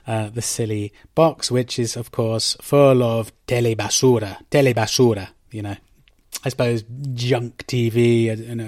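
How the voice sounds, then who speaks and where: A man's voice: medium pitch, darkish tone, no echo, studio quality. A man hosting a podcast for Spanish learners, talking casually through wry, emphatic opinions with plenty of ums and self-corrections. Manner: chatty and rambling, with frequent ums and self-corrections; wry and emphatic, with mock outrage.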